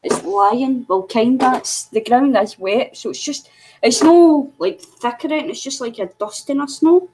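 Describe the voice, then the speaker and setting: A woman's voice: high-pitched, normal speed, darkish tone, a little hiss or hum, low-quality recording. A woman co-hosting a casual livestream, chatting and firing off friendly questions to viewers while losing her voice a little. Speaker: livestream co-host.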